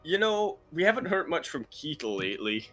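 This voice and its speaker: A man's voice: on the high side, big pitch swings, moderate pace, bright, forceful tone, soft background music. Laid-back joking male co-caster. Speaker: esports co-caster. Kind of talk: casual live commentary banter.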